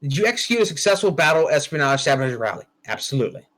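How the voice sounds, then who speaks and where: Blunt, cursing game master, slightly high voice. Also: male voice, sing-song, very fast, a bit bright, rough recording. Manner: casual, blunt, swears freely. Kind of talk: running a tabletop game, awarding XP.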